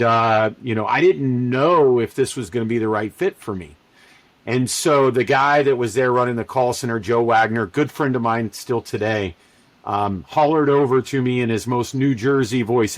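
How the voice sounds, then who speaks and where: A man in his forties, relaxed and conversational, telling his career story as a podcast guest and acting out quoted lines. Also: medium pitch, no echo. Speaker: podcast guest, call center executive. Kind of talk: casual storytelling interview.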